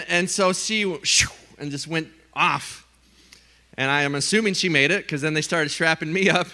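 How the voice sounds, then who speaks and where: A man preaching a sermon, telling a funny story with lively, animated delivery and acted-out voices. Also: on the high side. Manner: animated storytelling, acts out his own scared voice. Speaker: pastor.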